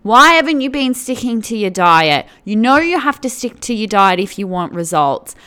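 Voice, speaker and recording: A woman's voice: medium pitch, big pitch swings, moderate pace, sharp tone, clear, resonant tone. A woman putting on the voice of a pushy personal trainer who keeps urging and nagging in a raised, insistent tone.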